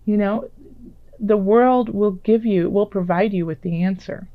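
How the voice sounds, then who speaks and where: A woman with a slightly raspy, still-recovering voice gives a gentle tarot reading into her own mic. She reassures and ums her way along. The sound is dry and a little dull. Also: mid-range voice, unhurried, no room sound. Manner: gentle, reassuring, many fillers. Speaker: tarot reader. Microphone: own microphone.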